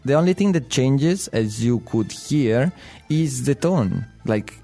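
A man's voice: mid-range voice, animated, takes it slowly, warm tone, faint music behind. A man with an Italian accent, a native Italian speaker co-hosting a language podcast, searching for his English words with frequent chuckles. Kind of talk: casual teaching chat.

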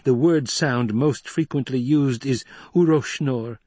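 A man voicing a shrewd noble mother who urges her son in a low, earnest voice, with a husky tone. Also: a little slow, a little mellow, no echo. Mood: urgent hush. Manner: urgent, low and pleading.

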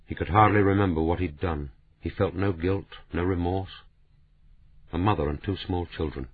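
A man's voice: low voice, normal speed, husky, no room sound. A man voicing a bitter, defensive young male detective in a weary, pained tone. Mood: grim. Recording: narrow, phone-like audiobook sound.

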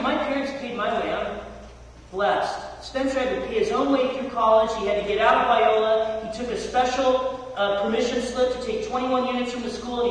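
A man preaching a sermon as pastor, telling stories with casual slang and rhetorical questions. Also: very high-pitched. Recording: echoey hall from far off, faint noise.

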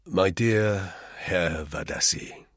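A man's voice: low-pitched, animated, measured pace, creaky, breathy edge, no room sound, studio quality, heavily acted. A man reading the part of a cold, sardonic, menacing middle-aged spy in an audiobook, with an icy, contemptuous manner. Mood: weary, cold. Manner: icy and acid, softly contemptuous.

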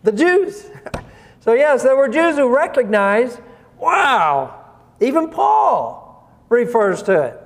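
A man with a very high voice preaches slowly and deliberately. He poses rhetorical questions and chuckles between points, and his voice rings with a long reverb that hangs in a big hall. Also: sing-song. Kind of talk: sermon.

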